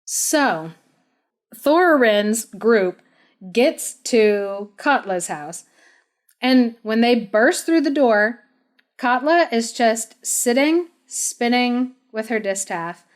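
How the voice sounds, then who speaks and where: A woman's voice: on the high side, drawn-out words. Chatty woman retelling a legend. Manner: animated, chatty, laughs often, many "like"s. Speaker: podcast co-host. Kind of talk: casual storytelling.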